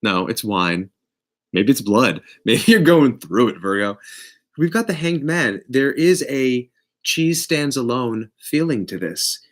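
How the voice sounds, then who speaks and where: A man giving a casual live tarot reading, blunt and profane, with big swings in pitch and loudness. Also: big pitch swings, takes it slowly. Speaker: tarot reader.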